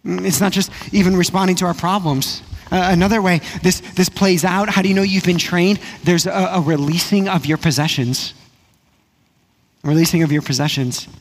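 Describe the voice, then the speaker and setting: A man, a pastor, preaching a sermon in a conversational way, repeating phrases and dropping to a hush for emphasis. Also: sits high, steady tone. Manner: conversational preaching with frequent repetition and "right?" asides; drops to a hushed, slow voice for emphasis.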